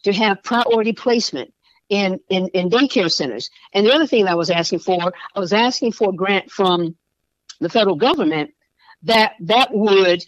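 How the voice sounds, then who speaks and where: A woman's voice: medium pitch, lively intonation, normal speed, no echo. A woman lawmaker and veteran speaks as a podcast guest. She tells stories with passion, acting out quotes and hammering points home by repeating them. The recording is dull and dry, with little room sound. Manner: passionate, emphatic storytelling with repeated phrases and acted-out quotes. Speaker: state senator and military veteran, podcast guest. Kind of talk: podcast interview.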